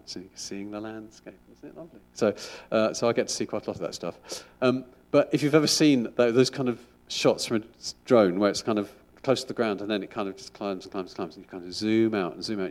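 A middle-aged school chaplain gives an informal sermon, chatty and rambling, restarting frequently. His voice is lowish.

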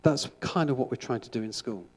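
A man's voice: mid-range voice, animated, a little fast. A middle-aged man, a school chaplain, giving an informal sermon in a chatty, rambling way with frequent restarts.

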